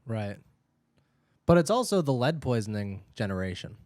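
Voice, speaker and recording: A young man co-hosting a podcast, telling stories in a casual chat, animated and laughing, with plenty of swearing. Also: lowish voice, normal speed, no echo. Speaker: podcast co-host.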